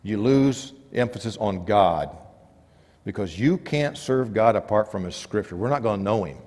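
A man preaching a sermon, rising for emphasis and dropping to quiet, low stresses. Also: lively intonation, normal speed. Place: church sanctuary. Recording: long church reverb.

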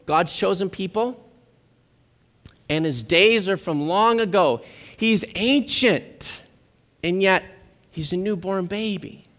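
Male pastor preaching, kinda high voice, really animated, big echoey church hall. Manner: animated preaching with acted-out quotes. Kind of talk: sermon. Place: church sanctuary. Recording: church hall with long reverb.

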